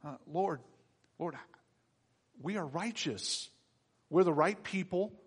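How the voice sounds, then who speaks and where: A man's voice: high-pitched, slow pace, breathy edge, full character voice. A man voicing an anxious, doubting old priest who stammers between pleading and disbelief.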